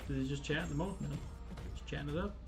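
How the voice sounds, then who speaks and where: A man's voice: a little high, fast talker, music in the background. A man hosting a casual gaming livestream, chatting loosely with viewers, swearing and stumbling over restarts and fillers. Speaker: livestream host.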